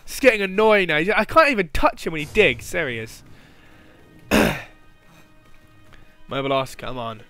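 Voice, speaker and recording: A man's voice: a little high, big pitch swings, measured pace, long pauses, sharp tone, soft background music. A man doing gameplay commentary, frustrated and exclaiming at the game. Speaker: gaming commentator.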